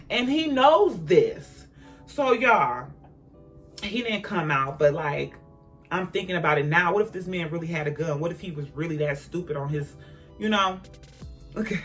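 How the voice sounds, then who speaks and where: A woman vlogger telling a personal story in a casual storytime, emphatic and animated, talking straight to her viewers. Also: on the low side.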